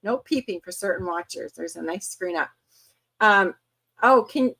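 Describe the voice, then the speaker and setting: A woman in her fifties hosting a casual livestream, chatty and quick to laugh as she greets viewers one by one. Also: mid-range voice, lively intonation, creaky, pushed and bright. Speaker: host.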